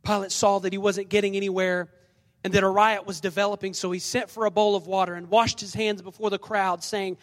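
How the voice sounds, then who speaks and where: A male pastor with a high-pitched voice preaches to his congregation, swinging between loud calls and hushed lines as he acts out the scripture. His voice rings through a reverberant church sanctuary. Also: flat delivery, fairly quick. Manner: preaching with call-and-response and dramatic scripture reading. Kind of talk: sermon. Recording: long reverb of a large hall.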